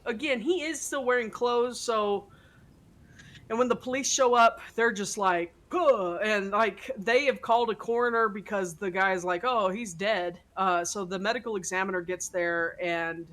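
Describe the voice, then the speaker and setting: A woman narrating as game master of a tabletop horror game, halting and rambling with many fillers and restarts. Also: mid-range voice, steady tone, fairly bright tone.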